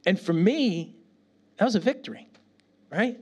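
A middle-aged male pastor preaching a sermon with a slightly raised pitch. He tells stories in animated bursts and drops almost to a whisper when he prays. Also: normal speed. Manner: animated storytelling, dropping to a near whisper in prayer.

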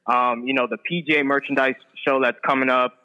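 A man's voice: mid-range voice, flat delivery, brisk, sharp tone, highs cut off. A man talking casually on a podcast, hesitant and filling gaps with likes and ums. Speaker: guest.

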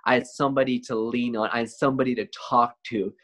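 A man's voice: mid-range voice, fairly even intonation, quick pace, a bit bright. A man as an interview guest, telling a personal testimony in a casual, conversational way, often saying "man" and "like" and restarting his words.

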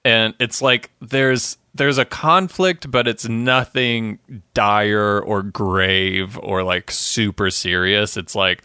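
A relaxed man talking through a TV episode on a podcast, laughing easily and slipping into the characters' lines. His voice is bright and forward. The sound is close and dry, with no room around it. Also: lowish voice, slow pace, clear, resonant tone, dry recording. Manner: laid-back, laughs often, acts out characters' lines. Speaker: podcast co-host. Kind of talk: casual chat, recapping a TV episode.

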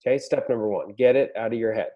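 A man's voice: medium pitch, fast, dull audio. A man hosting a podcast, giving a blunt, profane motivational pep talk to business owners. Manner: blunt, swears a lot, pep-talk energy. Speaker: podcast host.

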